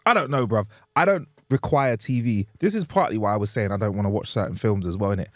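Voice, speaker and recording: A man co-hosting a podcast in casual chat, animated and jokey, laughing often and using slang. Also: lowish voice, quick pace, few pauses, no echo, clean studio sound. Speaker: podcast co-host.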